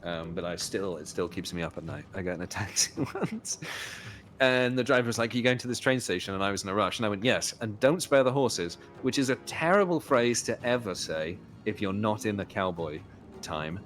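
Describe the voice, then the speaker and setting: Chatty British man, low voice. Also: fairly quick, a bit bright. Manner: chatty, joking, rambling asides. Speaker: co-op guest streamer. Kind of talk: casual gaming chat. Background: game music.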